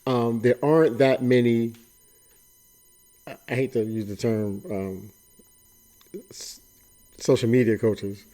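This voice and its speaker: A man hosting an interview show, speaking haltingly and repeating words as he builds toward his questions. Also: mid-range voice, steady tone, warm tone. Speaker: podcast host. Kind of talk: casual interview chat. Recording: tinny phone line.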